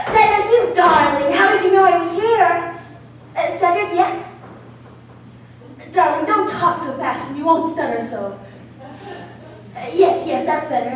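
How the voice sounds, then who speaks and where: Teen girl plays a glamorous, vain actress: high, theatrical and affected, caught on a distant stage mic. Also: slight background noise. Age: teens. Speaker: student stage actor. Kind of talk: school stage play. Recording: echoey stage from far off.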